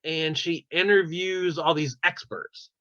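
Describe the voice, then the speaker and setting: Man, podcast co-host, casual chat, animated retelling, bright tone, slightly dull sound. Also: fairly high pitch, slow pace, no room sound. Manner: animated retelling, many "like"s and restarts. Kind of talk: casual pop culture chat. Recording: slightly dull, dry recording.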